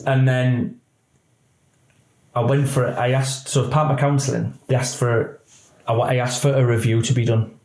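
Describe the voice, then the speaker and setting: A former police officer, speaking candidly in an interview, his story halting and emotional with many restarts. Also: mid-range voice, level tone, a little mellow. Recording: roomy echo.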